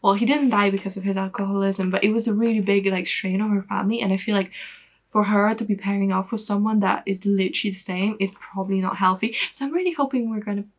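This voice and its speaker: A woman's voice: mid-range voice, steady tone, quick pace. A woman giving a casual, rambling spoiler recap of a book in a vlog, full of fillers and the odd swear word. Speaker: book vlogger.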